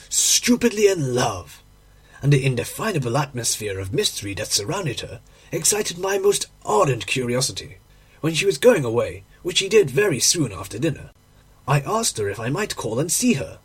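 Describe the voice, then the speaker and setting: A man reading a classic short story aloud, with measured storytelling that slows on key phrases and drops low on the dialogue tags. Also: very animated, a bit bright, husky. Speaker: narrator.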